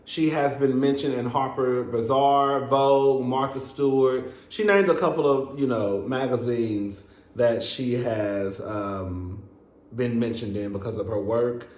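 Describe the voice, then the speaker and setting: A young man reviewing a reality show in casual, sassy chat, calling his viewers "girl" and laughing between remarks. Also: darkish tone. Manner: frequent fillers and laughs, quick high-pitched asides. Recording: echoey room.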